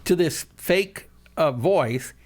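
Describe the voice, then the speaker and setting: A male radio host with a lively, animated voice that swings up and down in pitch. He questions his guest eagerly, often repeating words as he jumps in. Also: takes it slowly, slightly rough. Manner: inquisitive, with repeated words and restarts. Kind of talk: radio interview.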